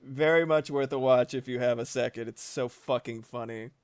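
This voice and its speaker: A man's voice: mid-range voice, moderate pace, no room sound, clean studio sound. A young man chatting casually on a livestream while he draws, rambling and swearing with lots of fillers. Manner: animated, profane, rambling with many fillers. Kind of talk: casual chat while drawing.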